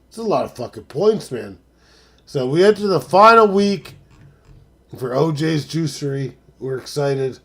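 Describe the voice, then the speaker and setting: A man hosting a live stream, talking casually and profanely, dropping to mutters and then rising to excited shouts. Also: high voice.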